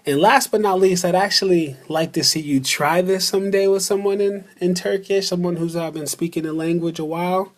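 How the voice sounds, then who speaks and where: A man teaching a beginner language lesson over a slideshow, slow and deliberate, repeating words for the listener to practise. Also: high voice, steady tone.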